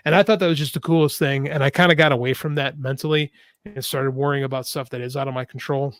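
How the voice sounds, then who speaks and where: A man's voice: medium pitch, fairly even intonation, fast, no echo. A middle-aged man, an author and podcast co-host, talking frankly and at length in a casual interview, swearing freely and often restarting his sentences.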